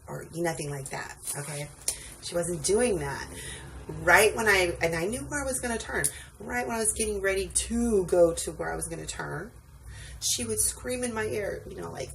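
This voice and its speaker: Animated and at a moderate pace, this woman has a lowish, fairly bright voice with vocal fry. Late at night and tired, the rideshare driver tells a meandering vlog story full of ums and tangents from a wobbly stool at home. Faint background noise comes through a distant mic.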